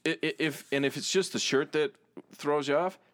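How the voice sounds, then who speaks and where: A man chatting casually and relaxed, with frequent fillers and restarts. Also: a little high, normal speed, no echo, clean studio sound. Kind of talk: casual chat.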